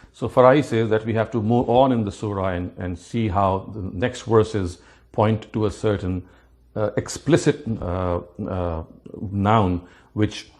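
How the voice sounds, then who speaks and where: A man teaching scripture, explaining word meanings methodically, with frequent restarts and rapid recitation of verses. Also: fairly low pitch, darkish tone. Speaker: religious teacher.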